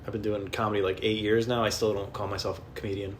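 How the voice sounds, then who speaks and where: A young adult man hosts a solo podcast from home as a comedian, speaking fast in a fairly low, level voice with a bit of hiss or hum in the recording. He rambles, swears, mocks himself, and hops from one topic to the next.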